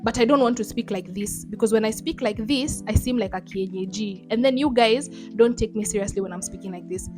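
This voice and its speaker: A woman's voice: medium pitch, a little fast, few pauses, music in the background. A young woman vlogging straight to camera, blunt and impassioned, dropping Swahili slang into her talk. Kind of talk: direct-to-camera commentary.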